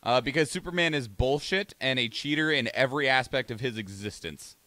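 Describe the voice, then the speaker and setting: A man co-hosting a podcast in relaxed chat, who keeps things moving briskly. His voice is bright and forceful, and it sounds close and dry with no room echo. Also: medium pitch. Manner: brisk, moves the show along. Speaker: podcast co-host.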